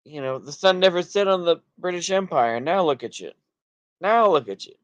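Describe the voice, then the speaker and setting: A man's voice: high-pitched, lively intonation, normal speed, no room sound. A man with a Texan accent rambling through a livestream as he reacts to chat, sounding somewhat drunk, with loose restarts and trailing sentences. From United States. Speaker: streamer.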